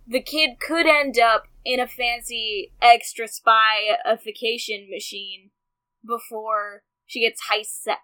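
A woman's voice: on the high side, fairly even intonation, slow, sharp tone, poor audio. A woman hosting a casual podcast chat, playful and teasing, laughing often. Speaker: podcast host.

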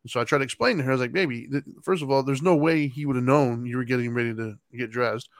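Middle-aged male co-host, chatty and animated, acts out quotes, dry recording. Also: medium pitch, fast talker, no room sound. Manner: animated, laughs while telling, acts out his kids' lines. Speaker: podcast co-host. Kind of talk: casual storytelling chat.

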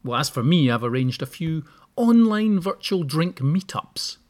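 A man's voice: on the high side, sing-song, measured pace, darkish tone. A man hosting a solo podcast, giving practical tips with wry, joking asides. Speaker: podcast host. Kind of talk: solo podcast advice talk.

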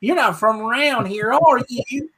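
A man's voice: very high-pitched, a little slow, fairly bright tone, breathy edge, pitched above the performer's own voice, heavily acted. A man putting on a drawling Louisiana barmaid. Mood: friendly. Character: friendly small-town woman bartender.

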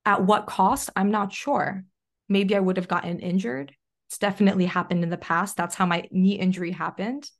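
Speaking in a medium pitch at a moderate pace, a young adult woman recounts a personal story as a podcast guest. A self-leadership coach, she keeps the casual interview chatty and animated, with frequent "like" fillers.

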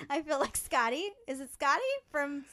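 A woman's voice: high voice, a little slow, sharp tone. A woman co-hosting a casual podcast chat, bubbly and laughing often. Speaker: podcast co-host.

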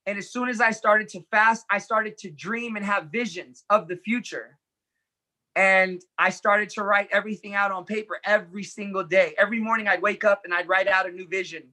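An interview guest, this man talks through his own life story a little fast, with a high, bright, forceful voice and a steady tone. He is animated and sincere, acting out the exchanges he remembers.

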